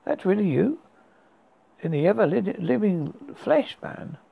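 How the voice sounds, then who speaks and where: A man's voice: sits high, very animated, slow, gravelly, husky, narrow, tinny audio, full character voice. A man voicing a curt wealthy businessman. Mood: aloof. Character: wealthy, aloof middle-aged man.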